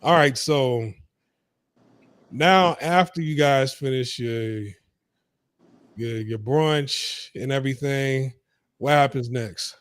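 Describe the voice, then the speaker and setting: A man's voice: mid-range voice, slow pace, long pauses, clear, resonant tone, dry recording. A man hosting a podcast, asking questions in a laid-back, casual way and swearing now and then. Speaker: podcast host. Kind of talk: casual interview chat.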